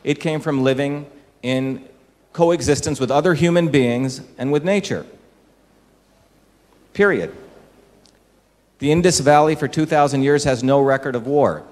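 This talk comes from a man from India whose voice is fairly high and darkish in tone. He speaks a little slowly and pauses often, asking the audience rhetorical questions as he explains things. The large hall gives the recording a noticeable echo.

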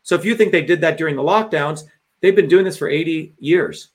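A man's voice: on the high side, brisk. Fiery, profane man ranting on a livestream. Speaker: host and political candidate. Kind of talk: livestream political talk.

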